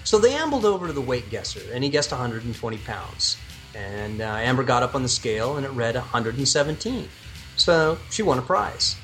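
A man's voice: medium pitch, sing-song, a little fast, a bit bright, soft background music. A man co-hosting a podcast, chatting casually and telling a joke in a playful way. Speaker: podcast co-host.

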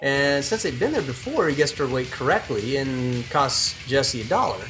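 Animated male podcast co-host. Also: mid-range voice, moderate pace, soft background music. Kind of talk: casual chat and joke telling.

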